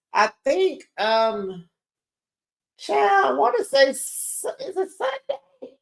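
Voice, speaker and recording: A reality TV recap host giving a gossipy monologue, sassy and dramatic, acting out quotes and calling viewers besties. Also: mid-range voice.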